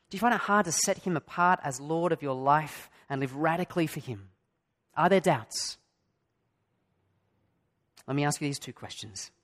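A middle-aged man preaches in an earnest, searching way, putting question after question to his congregation. His voice sits fairly high for a man. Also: fairly bright tone. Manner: earnest, asks the listeners many direct questions. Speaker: pastor. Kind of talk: sermon.

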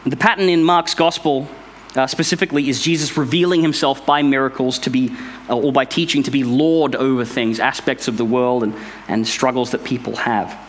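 A man's voice: medium pitch, fairly even intonation, a little fast, slight background noise. A man giving an informal Bible study, explaining step by step in a thoughtful, conversational way. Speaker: Bible teacher.

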